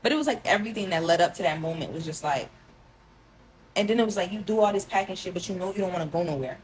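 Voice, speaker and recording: A young woman telling a long personal story to her viewers in a casual, rambling way, full of "like" and slang, often dropping into a hushed tone. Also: on the low side, quick pace, slight background noise, rough recording. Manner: rambling, heavy filler "like", emotional, addresses viewers as y'all. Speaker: storyteller recounting a relationship.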